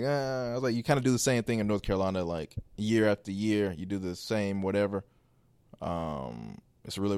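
Rambling low-voiced man telling a story. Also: clear, resonant tone, dry recording. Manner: rambling, animated storytelling with quoted asides. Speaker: podcast host. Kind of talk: casual storytelling monologue.

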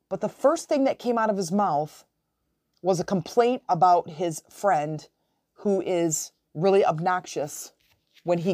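A woman's voice: medium pitch, mellow, no room sound, studio quality. A woman in her forties coaching in a motivational podcast, earnest and encouraging, acting out little scenes from family life. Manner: earnest, encouraging, acts out quoted dialogue. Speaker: relationship coach.

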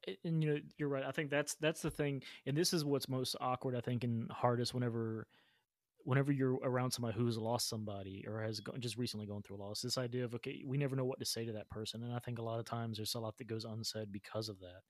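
A podcast host talks quickly in a thoughtful, supportive way. The voice sits at a medium pitch. The recording is dry and close. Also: steady tone, no echo. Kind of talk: conversational interview.

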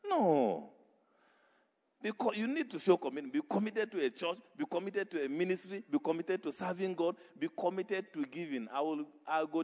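A male pastor preaching a sermon, building emphatic repeated phrases into loud exhortation. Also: fairly high pitch. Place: church hall. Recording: reverberant church hall.

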